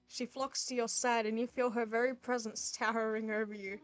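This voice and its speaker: A woman's voice: fairly high pitch, little pitch movement, a little fast, few pauses. A woman streamer reading a dating game aloud and chiming in with playful, giggly asides, with faint music behind. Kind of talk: reading a visual novel aloud with commentary.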